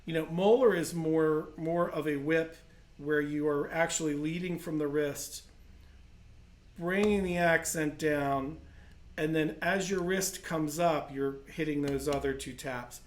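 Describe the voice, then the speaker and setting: Slow-talking male drum teacher. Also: a little high, fairly even intonation, roomy sound. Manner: patient, explains step by step and counts in aloud. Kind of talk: livestream drum lesson. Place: percussion studio.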